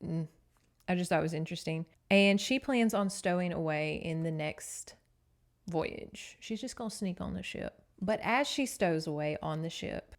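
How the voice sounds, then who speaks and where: A chatty woman hosts a podcast and recaps a novel in a loose, casual way. She goes off on tangents and laughs as she talks, with a mid-range pitch. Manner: chatty, digressive, laughs often. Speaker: podcast host.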